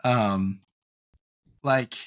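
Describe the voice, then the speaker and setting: Young guy cohosting a podcast, gets all excited and gushy, tons of ums and restarts. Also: on the low side, drawn-out words. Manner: excitable, gushing, many fillers and restarts. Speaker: podcast co-host. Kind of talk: casual chat.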